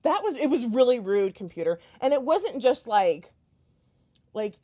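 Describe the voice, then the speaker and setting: A woman's voice: a little high, animated, normal speed, warm tone. A young woman chatting casually into her camera, telling a long story with many fillers and restarts. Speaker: YouTuber. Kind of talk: casual storytelling while doing makeup.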